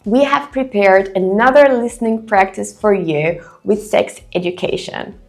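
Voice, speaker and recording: A woman reading out a listening quiz for English learners, careful and deliberate. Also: medium pitch, a little mellow, faint music behind. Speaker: English teacher. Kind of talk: slow, clear quiz narration for learners.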